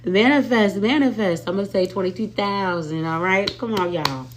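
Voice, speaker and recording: A woman's voice: mid-range voice, normal speed. A woman hosting a casual livestream, chatty and sassy, who often calls her viewers y'all and honey. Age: adult with children. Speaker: livestream host. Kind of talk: casual live-stream chat.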